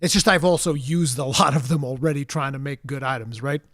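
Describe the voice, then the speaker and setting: A man chatting casually on a game stream, animated and swearing freely, talking into a desk mic. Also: medium pitch, brisk, no room sound, studio quality. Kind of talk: casual live-stream chat.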